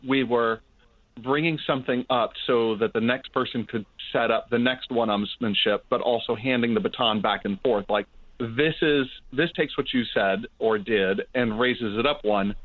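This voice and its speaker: Podcast co-host, male, keen and jokey, mid-pitched voice, tinny dry phone-quality line. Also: no echo. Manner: enthusiastic, jokey geek banter. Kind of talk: casual podcast chat.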